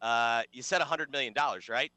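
A man's voice: medium pitch, fairly quick, sharp tone, dry recording. A man co-hosting a casual sports talk show, wry and sarcastic, rambling through his points. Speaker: sports radio co-host.

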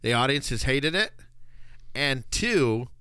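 Clear, bright-voiced joking man. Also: mid-range voice, sing-song, no room sound, clean studio sound. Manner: joking, quick to correct. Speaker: podcast co-host. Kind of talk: casual chat.

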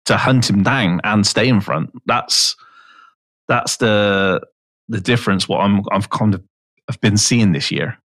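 A man's voice: on the low side, a little slow, a bit bright. A man co-hosting a podcast, chatting casually with dry, laid-back ribbing. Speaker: podcast co-host. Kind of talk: casual chat.

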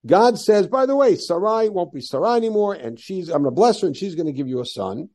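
Male rabbi lecturing, animated, pitch slightly high, dark tone. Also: fairly quick. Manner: animated lecturer voicing quoted lines. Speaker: rabbi teaching a Bible class. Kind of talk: classroom lecture.

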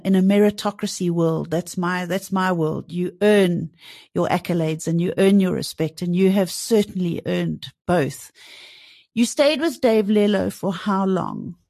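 A woman's voice: on the low side, measured pace, darkish tone. A woman hosting a casual interview, chatty, asking leading questions and affirming her guest often. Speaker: host.

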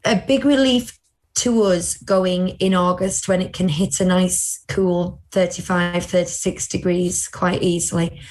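A woman's voice: fairly low pitch, fairly even intonation, a little slow, darkish tone. A British woman co-hosting a podcast in casual chat, running through news with chatty asides. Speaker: podcast co-host.

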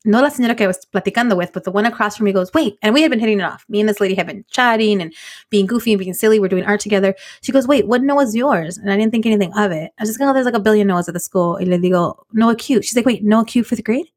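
A woman in her forties co-hosting a podcast, telling a story in casual chat and mixing Spanish into her English. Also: medium pitch. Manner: fast, animated, mixes Spanish into English. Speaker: podcast co-host.

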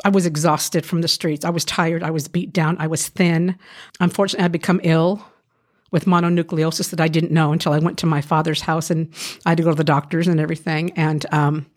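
A woman telling her own life story as an interview guest, earnest and emotional, often pausing with "um" and restarting her sentences. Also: deep voice, flat delivery. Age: adult. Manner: earnest, halting, with frequent "um" and restarts. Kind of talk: emotional personal testimony.

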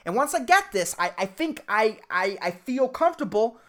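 A young man rants on his solo podcast, angry and profane. His voice leaps up and down with lively swings of pitch. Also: moderate pace. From Puerto Rico. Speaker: podcast host.

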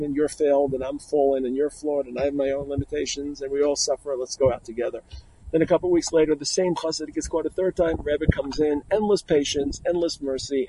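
A man's voice: mid-range voice, gravelly, dark tone, a little hiss or hum, low-quality recording. A man, a rabbi, giving an earnest, reflective talk to yeshiva students with stories.

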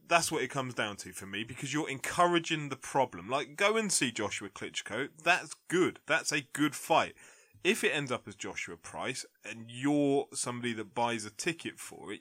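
A man in a casual podcast debate, a blunt, animated boxing pundit who says "like" often. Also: mid-range voice, normal speed. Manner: blunt, animated ranting with frequent "like".

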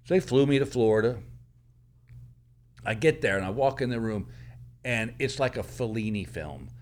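A man speaking in a studio as a comedian guest, spinning long anecdotes at a mid-range pitch. He slips into the voices of the people in his tales as he tells them. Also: moderate pace. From Texas. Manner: animated storyteller who acts out the people in his stories. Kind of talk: anecdotal storytelling.

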